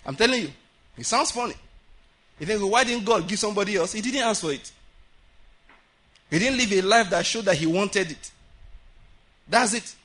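A man preaching a sermon, animated, acting out quotes and laughing often. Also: high voice, moderate pace, pauses often.

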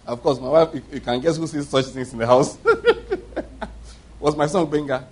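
Husky-voiced male preacher, emphatic storyteller. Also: fairly high pitch, big pitch swings, measured pace. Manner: emphatic storytelling preacher who acts out quoted speech. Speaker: pastor. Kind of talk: sermon.

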